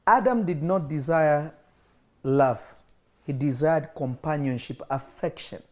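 A man teaching a small group about love and the Bible, answering questions in a lively, storytelling way. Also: a little high, unhurried. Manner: lively storytelling, quotes others.

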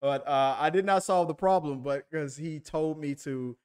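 A man's voice: fairly high pitch, moderate pace, a little mellow, clear, resonant tone. A man co-hosting a podcast over a video call, telling stories in a rambling, self-deprecating way with lots of restarts. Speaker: podcast co-host. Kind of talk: casual chat.

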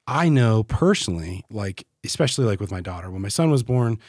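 A man with a slightly low, husky voice speaks as a podcast guest. He talks in a heartfelt, halting way and often repeats words as he searches for them. The sound is dry and close. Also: lively intonation, darkish tone, no echo. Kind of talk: casual podcast conversation.

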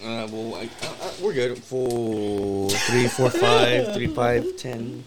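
Lively, swearing man hosting a podcast. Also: mid-range voice, slow, a loud crowd. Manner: laughing, swearing, loose banter. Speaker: podcast host. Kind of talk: casual podcast chat. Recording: loud music behind the voices.

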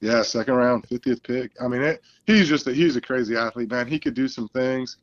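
A man in a casual interview, a football coach telling game stories with plenty of life. He acts out what players and coaches said as he goes. His pitch sits in the middle, and the sound is a little dull and lo-fi. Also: brisk. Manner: animated storyteller, acts out quoted lines.

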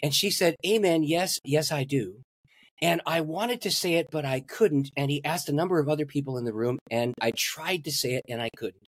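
A man's voice: a little high, fairly quick, hardly any pauses, a bit bright, no echo. A man, a pastor and guest, telling a story in an interview and laughing at his own stories.

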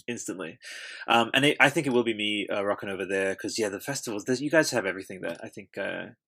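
Podcast host, man, Australian accent, bright forceful tone, gushing and profane. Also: fairly low pitch, quick pace, creaky, breathy edge. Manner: effusive, swears freely. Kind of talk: casual chat.

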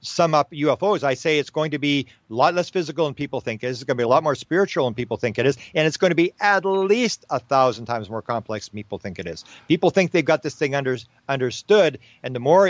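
A man guest in an interview, talking in a casual, animated way with frequent fillers and restarts. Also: fairly high pitch, dry recording, dull audio. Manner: animated, repeats himself, many fillers and restarts. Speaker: podcast guest.

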